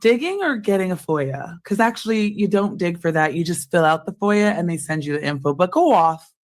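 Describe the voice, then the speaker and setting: A woman's voice: lowish voice, animated, a little fast. A woman on a call arguing bluntly, throwing out sarcastic retorts. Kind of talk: heated casual argument.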